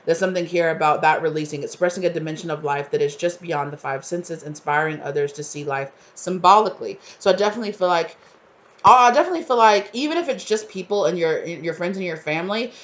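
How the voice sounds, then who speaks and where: A woman's voice: fairly low pitch, fast, a bit bright. Effusive rambling woman reading tarot. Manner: rambling, effusive, full of fillers and restarts; emotional, spiritual. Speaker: tarot reader.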